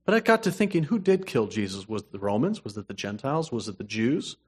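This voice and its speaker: A man preaching a sermon, moving between hushed storytelling and emphatic, rising points. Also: medium pitch, big pitch swings, fast talker, breathy edge. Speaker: pastor.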